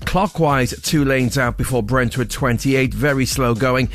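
A man reading a radio traffic bulletin in a brisk, clipped style. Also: mid-range voice, fairly even intonation. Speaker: traffic reporter.

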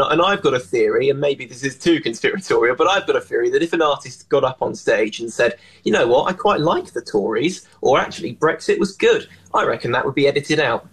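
A man, a newspaper reporter guest on a radio show, making his argument in a measured, opinionated way with dry humour. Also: fairly high pitch, breathy edge, low-quality recording. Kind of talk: radio discussion.

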